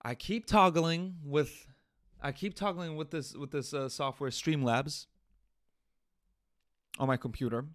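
A man hosting a casual solo podcast, telling a story in an animated, venting way with swearing. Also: a little high, unhurried, pauses often, no room sound, clean studio sound. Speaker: podcast host. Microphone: USB interface podcast mic.

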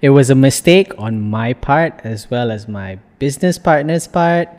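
A man's voice: medium pitch, animated, normal speed, a little mellow, long reverb tail. A young man with a Malaysian English accent, co-hosting a casual podcast chat, jokey and swearing. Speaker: podcast co-host.

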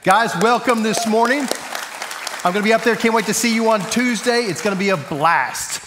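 A man's voice: high-pitched, normal speed, long reverb tail, crowd noise, background noise. A man preaching as a pastor in a church, with a casual, joking, conversational manner. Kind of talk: sermon. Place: church sanctuary.

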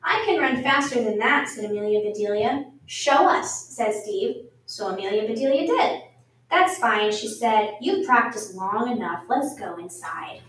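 A woman reading a children's storybook aloud, lively and acting out the voices. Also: on the high side, normal speed. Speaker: storybook reader. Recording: echoey room, far from the mic.

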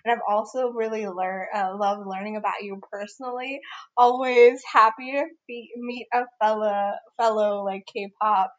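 A young woman co-hosting a casual podcast, chatting warmly about a friend, rambling with many fillers and restarts. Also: mid-range voice, steady tone, moderate pace, dull audio. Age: young adult. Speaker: podcast co-host. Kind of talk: casual chat among friends.

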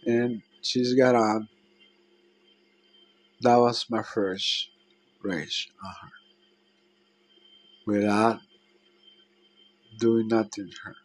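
A man talks through his own past in a husky voice. He speaks slowly and pitches a little low, breaking off and restarting as he goes. His halting, emotional delivery makes it sound like a confession. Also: little pitch movement, no room sound, poor audio. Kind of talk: personal confessional storytelling.

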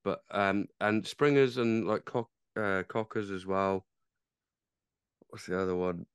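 Low, smooth-voiced man chatting. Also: steady tone, unhurried, no room sound, studio quality. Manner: chatty, swears, trails off and restarts. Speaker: podcast host. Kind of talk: casual pub chat.

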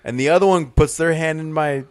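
A man's voice: a little high, fairly quick, clean tone. A man guesting on a podcast, chatting casually and telling stories with acted-out quotes. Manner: animated storyteller, acts out quoted voices. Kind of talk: casual chat.

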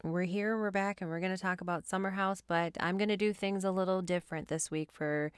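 A woman with a fairly low voice hosts her own podcast, ranting with sassy exasperation and the odd curse word. The recording is dry and close, with no room sound around her. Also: a little fast, smooth, no echo. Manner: animated, sassy, exasperated ranting with frequent swearing. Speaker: podcast host. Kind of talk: solo opinion podcast, ranting and reality TV recap.

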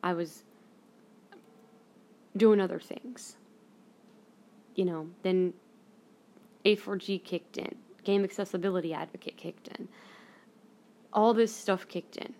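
A young woman with a somewhat low voice hosts her own podcast and tells a personal story in a loose, chatty way. She rambles, restarts sentences and leans on fillers as she goes. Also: fairly even intonation, takes it slowly, pauses often, dark tone. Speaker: podcast host.

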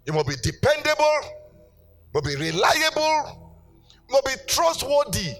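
Middle-aged pastor, man, high voice, animated sermon storytelling with call-outs to the church, soft music underneath. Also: measured pace. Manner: animated storytelling, calls out to the congregation in rising sing-song exhortations.

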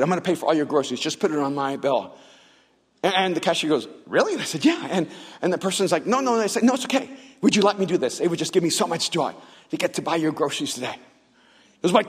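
A man preaching a sermon, telling stories with acted-out dialogue and building to loud, fervent passages. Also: a little high, husky. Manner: storytelling with acted-out dialogue, rising to shouts. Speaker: pastor. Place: large church hall. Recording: long hall reverb.

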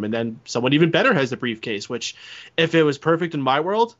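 A man giving a steady, reasoned opinion on wrestling matches in a casual podcast chat. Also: medium pitch. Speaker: podcast co-host. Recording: dull lo-fi call audio.

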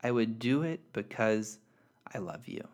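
A man's voice: lowish voice, lively intonation, measured pace, darkish tone. A man reading the part of a loving, playful soul spirit who speaks tenderly and reassuringly.

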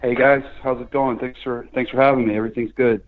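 A man's voice: medium pitch, fairly even intonation, fast. A man calling in as a guest on a phone line, hedging with fillers and repeating phrases. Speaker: guest, soccer site runner. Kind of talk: phone interview. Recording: tinny phone line, faint music.

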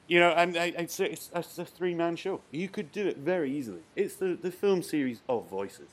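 A man's voice: on the high side, lively intonation, a little fast, few pauses. A man hosting a podcast, chatting in a jokey way with frequent restarts. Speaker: podcast host. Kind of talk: casual chat.

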